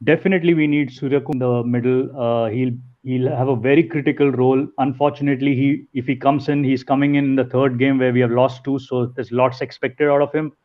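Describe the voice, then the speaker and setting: A man's voice: mid-range voice, little pitch movement, fairly quick, few pauses. Earnest man on a muffled line. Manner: earnest, hesitant with fillers. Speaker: fan guest. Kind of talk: casual chat. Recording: muffled lo-fi call audio.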